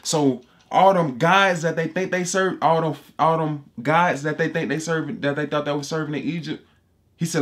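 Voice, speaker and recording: A Bible teacher with a fairly high-pitched voice offers casual scripture commentary at a moderate pace and with fairly even intonation. He is emphatic and repetitive, uses slangy street talk, and calls his listeners "bro."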